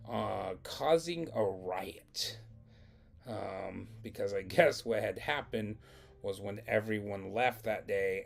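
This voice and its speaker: A man's voice: lowish voice, creaky. A young man casually telling a long, rambling, profane story from his school days in a vlog. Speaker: vlogger.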